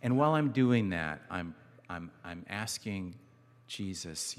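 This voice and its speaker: A man preaching a guest sermon in a church, conversational and lightly humorous, dropping soft and low on key phrases. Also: animated, slow pace. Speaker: guest pastor. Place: church sanctuary. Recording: reverberant church hall.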